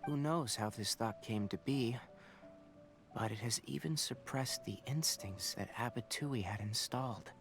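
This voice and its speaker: An actor playing a somber young male scholar in a game, calm and measured. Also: mid-range voice, soft background music, close to an everyday voice.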